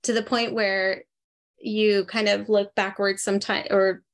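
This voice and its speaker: A woman of ordinary pitch giving a medium reading in a live group call. She talks in a chatty, animated way and breaks into laughter as she passes on messages. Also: a little slow. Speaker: medium, interview guest.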